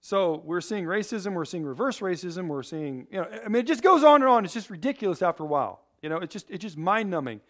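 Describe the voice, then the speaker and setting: High-voiced preacher man quizzing the congregation. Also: sing-song, fast talker, few pauses, a bit bright. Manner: asks the congregation to fill in words; rambling with humorous asides. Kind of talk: sermon with call-and-response.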